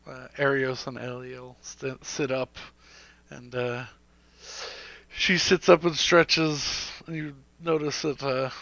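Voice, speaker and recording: A man narrating a tabletop game as game master, halting and filling pauses with fillers and laughs. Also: on the high side, vocal fry, sharp tone, no echo, highs cut off.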